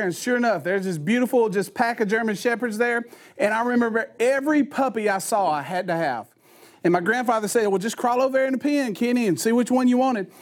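A man preaching a sermon in a folksy, conversational storytelling manner. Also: high-pitched.

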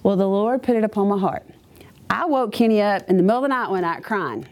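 Lively woman telling a church testimony. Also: mid-range voice, fairly quick. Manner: chatty, animated storytelling with asides. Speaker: church member giving a testimony. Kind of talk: personal testimony to a church congregation.

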